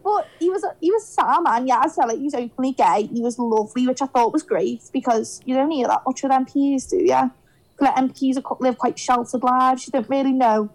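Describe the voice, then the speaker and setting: Brief: young Scouse woman, high voice, animated storyteller, podcast guest. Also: a little fast, rough recording. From Liverpool, England. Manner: chatty, animated storytelling, acts out quoted dialogue. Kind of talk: casual podcast chat.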